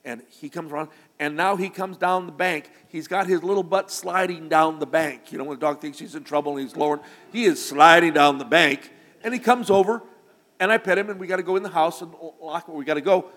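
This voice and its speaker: An older man, a pastor, preaching a sermon through a long personal story, now and then breaking into loud shouts. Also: fairly high pitch, fairly even intonation, fairly quick. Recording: long hall reverb.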